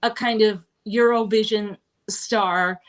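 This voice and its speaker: A woman's voice: medium pitch, fairly even intonation, slow pace. A middle-aged woman from Manhattan, chatting as an interview guest in a rambling way, full of fillers and asides. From Manhattan, New York. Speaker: guest performer. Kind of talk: casual interview chat. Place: restaurant, live-streamed.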